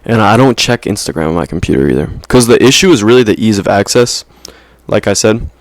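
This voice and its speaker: A young man talking straight to his viewers in a loose, rambling way, leaning on slang and little "you know?" checks. His voice sits on the low side and comes through dry and close, with no room sound around it. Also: lively intonation, fairly quick, dry recording. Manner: rambling, slangy, self-interrupting with "like" and "right?". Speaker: vlogger. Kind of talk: casual monologue to camera.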